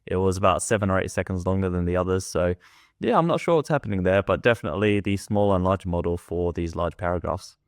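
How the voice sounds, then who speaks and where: A man hosts a tech video in a fairly low voice, speaking relaxed, tentative verdicts with plenty of fillers. He calls his own reading voice monotone. The recording is close and dry. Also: fast talker, no room sound. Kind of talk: casual commentary.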